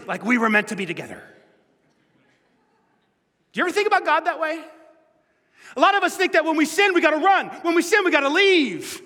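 A male pastor giving an animated, conversational sermon with playful asides, speaking in a church hall. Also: very high voice, a little fast, pauses often. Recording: echoey hall.

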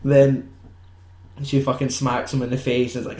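A man's voice: medium pitch, completely flat delivery, moderate pace, a little mellow. A man chatting casually about a film, swearing often, laughing and acting out lines in silly voices. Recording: roomy echo.

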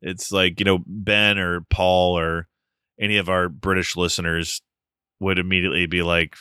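A man's voice: low voice, level tone, normal speed, bright, forceful tone, smooth, no echo, studio quality. A man co-hosting a podcast, casually recapping a film's plot with joking asides. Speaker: podcast co-host. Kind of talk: casual movie review chat.

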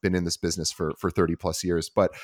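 A man with a somewhat low voice hosts a podcast, reading an introduction and then chatting with open enthusiasm. He corrects himself as he goes and laughs easily with his guest. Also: little pitch movement, fast. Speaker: podcast host. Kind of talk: scripted intro then casual interview.

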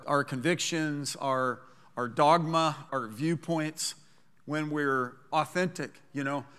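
A man's voice: on the high side, pushed and bright, clean tone, big-room sound. A man preaching a sermon as pastor, conversational at times and rising to fervent, emphatic scripture reading, calling on the congregation to repeat lines. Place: church sanctuary.

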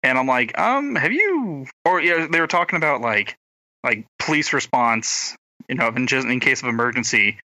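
A man's voice: medium pitch, normal speed, sharp tone, dry recording, rough recording. A man with a rural Oklahoma accent telling stories in a casual chat, often stumbling and restarting. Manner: rambling storyteller, stumbles and restarts.

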